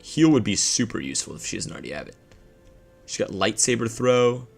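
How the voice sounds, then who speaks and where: A man's voice: mid-range voice, very animated, brisk, gravelly, faint music behind. A young man giving casual, rambling let's-play commentary with slang and jokes. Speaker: gameplay commentator.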